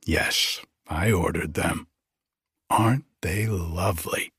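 A man reading aloud, voicing a calm, indulgent upper-class mother in a story. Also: deep voice, takes it slowly, husky, no echo, studio quality, heavily acted. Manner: calm, gently amused.

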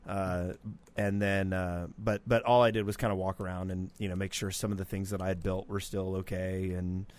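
A man's voice: deep voice, level tone, moderate pace, darkish tone. A man co-hosting a casual podcast chat, talking in rambling bursts with lots of restarts and laughter. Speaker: podcast co-host.

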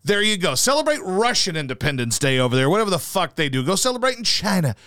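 A man's voice: high-pitched, sing-song, fast talker, bright, forceful tone, dry recording. A man in his thirties hosting a casual podcast, ranting emphatically and swearing a lot. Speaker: podcast host. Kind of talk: casual opinionated chat.

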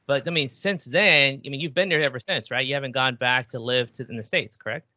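A man's voice: medium pitch, fairly quick, bright, forceful tone, no echo, muffled recording. A man hosting an interview, asking loose, rambling questions full of "you know.". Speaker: host. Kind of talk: casual interview chat.

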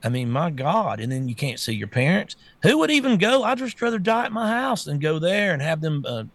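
A man's voice: a little high, very animated, a little fast, a bit bright, no room sound. A man co-hosting a casual talk show, blunt and exasperated, often stammering and restarting. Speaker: co-host.

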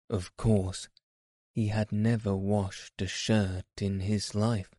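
Male narrator for a storybook audiobook, slow and measured, dry close sound. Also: on the low side, mellow, no room sound.

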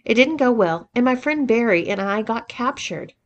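A woman reading a first-person story aloud, keeping the dialogue tags calm and even. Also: fairly high pitch, normal speed, dull audio. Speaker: reader of erotic fiction.

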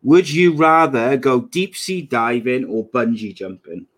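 A man's voice: medium pitch, measured pace, fairly bright tone. A Welsh man co-hosting a podcast, rambling and teasing in casual chat. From Wales. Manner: rambling, teasing, lots of fillers. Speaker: podcast co-host.

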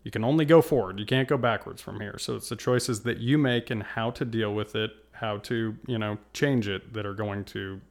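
Gravelly man co-hosting a podcast. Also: on the low side, moderate pace, hardly any pauses. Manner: supportive, agreeing often with short replies. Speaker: podcast co-host. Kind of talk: casual podcast chat.

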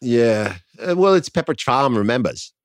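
A man's voice: medium pitch, expressive, normal speed, no echo. A man in his sixties from New York City, a guest in a casual interview, talking in a reflective, thoughtful way. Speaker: actor guest.

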